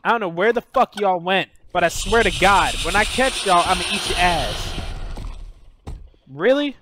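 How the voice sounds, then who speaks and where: A man trash-talking other players in game voice chat, loud and profane, yelling taunts. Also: high voice, expressive, moderate pace, noisy background. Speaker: gamer streamer.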